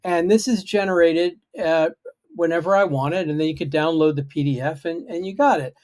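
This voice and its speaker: A man's voice: on the high side, steady tone, a little fast, a little mellow. A man chatting casually on a video-call livestream, explaining his project in a self-deprecating way. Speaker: guest programmer.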